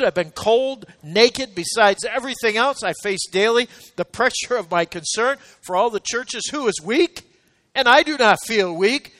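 A man's voice: sits high, pushed and bright, dry recording. A man preaching a sermon to a congregation, reading scripture with rising emphasis, breaking off for joking asides and urging the people to say amen. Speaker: pastor.

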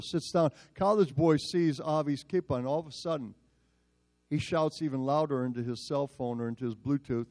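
Male pastor, self-mocking storyteller, slightly high voice, lively sermon delivery.

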